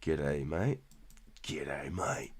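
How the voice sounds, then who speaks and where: A man's voice: a bass voice, extremely slow, breathy edge, full character voice. A man putting on a put-on Australian accent as a friendly bloke greeting a viewer, breezy and cheerful. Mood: chummy.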